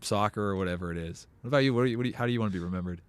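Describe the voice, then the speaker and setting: A man, a professional soccer player, answering interview questions casually with halting, hesitant phrasing. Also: on the low side, clean tone, no echo.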